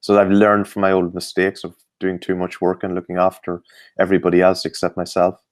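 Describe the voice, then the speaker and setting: A middle-aged Irish man, a performance coach, answering interview questions in a measured, explanatory way with frequent fillers. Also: sits low, monotone, no echo.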